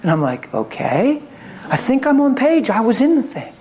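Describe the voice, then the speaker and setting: A man preaching a sermon, telling a story with lively acted-out quotes and swings between loud and hushed. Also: very high-pitched, moderate pace, very noisy.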